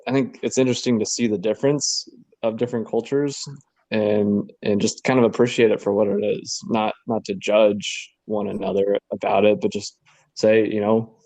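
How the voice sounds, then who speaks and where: Low, mellow man hosting a chat. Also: no room sound, low-quality recording. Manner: easygoing, hesitant questions with fillers. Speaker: podcast host. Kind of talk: casual interview chat.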